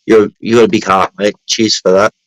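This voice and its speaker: A man's voice: lowish voice, flat delivery, brisk, dry recording, poor audio. An Australian man hosting a casual chat in a blunt, sweary, earnest way.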